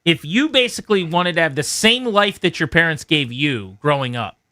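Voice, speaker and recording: A man's voice: on the high side, moderate pace, slight background noise. A man co-hosting a radio show, ranting sarcastically and joking in casual chat. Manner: animated rant, sarcastic, joking. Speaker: radio co-host. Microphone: studio microphone.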